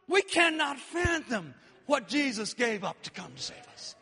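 A man preaching a sermon with passion, dropping low and then rising to shouts. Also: big pitch swings, unhurried, husky, in a large hall. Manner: impassioned, swings between quiet and shouting.

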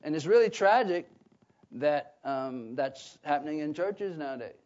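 High-voiced slow preacher, call-and-response. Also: male voice, expressive, a little mellow. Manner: leaves gaps with "what?" for listeners to fill in; emphatic, repeats key phrases. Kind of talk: Bible teaching sermon. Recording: dull lo-fi recording.

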